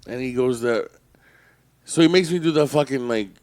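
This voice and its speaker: A man's voice: medium pitch, normal speed, darkish tone. A man co-hosting a podcast in casual chat, telling stories with plenty of swearing and acting out both sides of a conversation. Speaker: podcast co-host.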